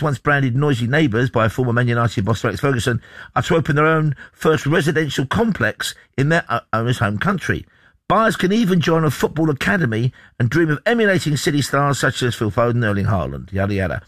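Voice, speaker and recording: A man's voice: mid-range voice, very animated, a little fast, fairly bright tone, no echo. A man co-hosting a radio show, reading stories and teasing his co-host. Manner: teasing, jokey, reads stories aloud. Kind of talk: bantering news chat.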